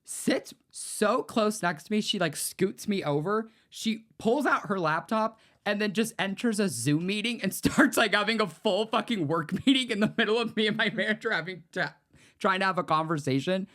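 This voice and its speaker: Swearing young man telling lively stories. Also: high voice, moderate pace. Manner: crude, lots of swearing, animated storytelling. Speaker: podcast co-host. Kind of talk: casual chat, storytelling.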